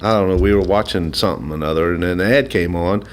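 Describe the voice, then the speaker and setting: A man's voice: deep voice, fast, slight background noise. A man who is a mechanic, a regular guest on a call-in radio show, explaining car matters in an easygoing way. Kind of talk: casual radio chat.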